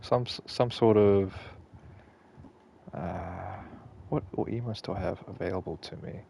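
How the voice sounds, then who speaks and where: A man's voice: low-pitched, unhurried, gravelly, mellow, a little hiss or hum. A man giving casual gameplay commentary, laid-back and swearing freely while he mutters to himself. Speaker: gaming channel host.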